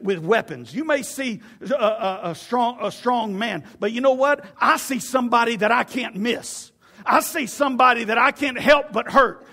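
A man preaching, voicing a bold, defiant young shepherd with fervent, near-shouted delivery. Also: very high-pitched, voice pushed up, heavily acted. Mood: triumphant.

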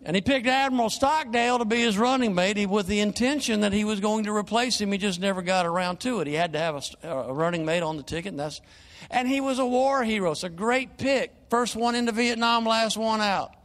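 Older preacher guy, kinda high voice, long church echo, goes from quiet praying to lively storytelling. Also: a little fast. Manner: earnest preaching, swings from hushed prayer to animated storytelling. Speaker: guest evangelist. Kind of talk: sermon and prayer. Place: church sanctuary.

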